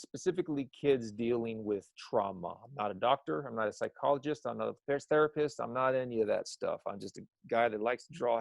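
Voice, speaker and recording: Male interview guest, mid-pitched, gravelly, rambling storyteller who keeps correcting himself. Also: dry recording. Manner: rambling, frequent restarts and self-corrections.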